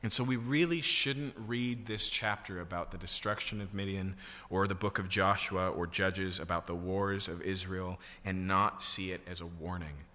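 Bright-voiced male preacher in a hall. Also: low voice. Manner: teaching, conversational with rhetorical questions. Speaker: pastor. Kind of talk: sermon. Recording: reverberant hall.

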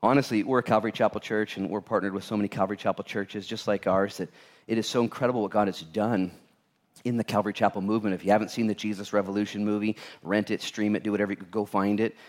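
Here a man preaches as a pastor in a lowish voice at a quick pace. He acts out characters' voices while telling vivid stories, and he jokes around, laughing at his own gags.

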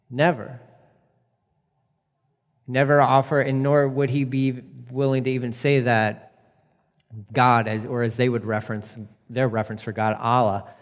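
A man preaching a casual, conversational sermon, moving from emphatic points to hushed, tender passages. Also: medium pitch. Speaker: pastor. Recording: long reverb of a hall.

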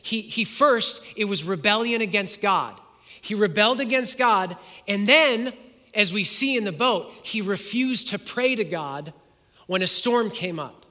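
A man with a high, sharp voice and lively intonation preaches a sermon a little slowly. He retells a story, reads scripture and asks listeners rhetorical questions, all within long hall reverb.

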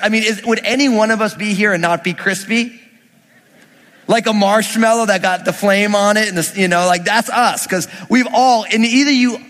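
A man's voice: high voice, a bit bright. A young adult man, a pastor, preaching a sermon in a conversational, emphatic way with casual asides. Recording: long reverb of a hall.

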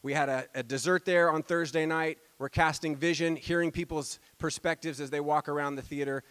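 A man pastor leads the announcements in a church sanctuary, openly enthusiastic about what the church is doing. His voice sits a bit higher than most men's. He speaks to the congregation with warm excitement. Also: fairly quick, clear, resonant tone. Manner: enthusiastic, upbeat.

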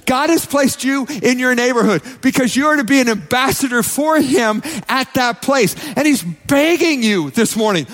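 A man's voice: extremely high pitch, animated, moderate pace, few pauses, fairly bright tone. Emphatic man preaching a sermon. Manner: emphatic, repeats phrases, quotes people in acted voices. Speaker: pastor. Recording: long reverb of a church hall.

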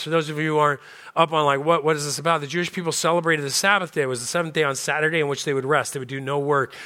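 A man pastor preaching a sermon in an animated, conversational way with casual asides. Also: on the high side.

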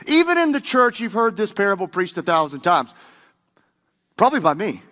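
A man's voice: high-pitched, bright, forceful tone. A male pastor preaching a sermon, speaking emphatically and having the congregation repeat words back to him. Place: church sanctuary. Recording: long reverb of a large hall.

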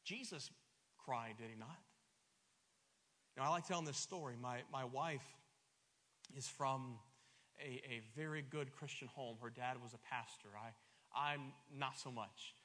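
A middle-aged man preaching a sermon, emphatic and stumbling over repeated words, swinging between loud and soft. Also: medium pitch, unhurried, pauses often. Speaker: pastor. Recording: long hall reverb.

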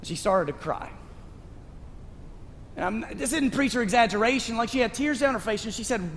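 A man's voice: extremely high pitch, expressive, normal speed, pauses often, a bit bright, in a large hall, slight background noise. A male pastor preaching a sermon in a conversational, storytelling way.

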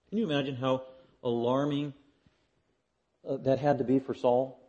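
A man preaching an expository sermon, emphatic and repetitive, swinging from loud declarations to hushed asides. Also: medium pitch, unhurried, long pauses.

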